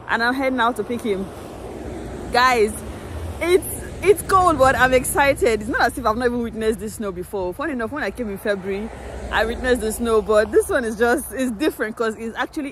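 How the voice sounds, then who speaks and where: A woman's voice: a little high, a little hiss or hum. A woman, chatting casually to her viewers in a vlog and laughing often, recorded outdoors in winter on a phone. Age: 30s. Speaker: vlogger. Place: outdoors in winter, streets and snow.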